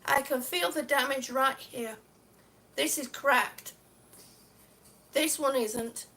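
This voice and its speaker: Really high-pitched woman on a live stream, slow-talking, fed up and sarcastic. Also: bright, forceful tone. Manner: exasperated, sarcastic, swears. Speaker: vlogger. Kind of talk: live-stream product complaint. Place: home, indoors.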